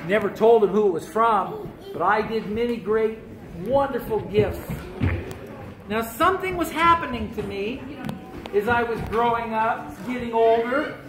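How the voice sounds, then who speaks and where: A woman telling a story live in the first person and in character, animated and playful, voicing the other people in her tale. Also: a little high, unhurried, background noise. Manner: animated, playful, with voiced-out dialogue. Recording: echoey room with a live audience.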